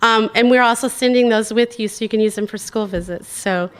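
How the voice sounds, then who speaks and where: A woman's voice: on the high side, a little fast. Chatty woman hosting an awards event. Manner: chatty, filler-heavy, laughs often. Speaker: awards host and group organizer. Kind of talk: live event speech. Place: event hall in New York.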